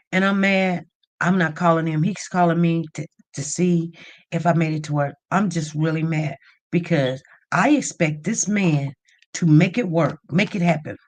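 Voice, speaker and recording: A woman hosting a livestream, telling a story in a lively, animated way and rising to near-shouts when upset. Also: fairly low pitch. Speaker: livestream host.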